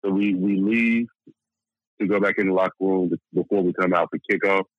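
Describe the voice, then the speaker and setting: A former football player as an interview guest, telling stories in a laid-back, profane way. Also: male voice, sits low, fairly even intonation, fairly quick, no echo, lo-fi sound. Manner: laid-back storytelling, swears freely, says "man" a lot. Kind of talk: casual interview chat.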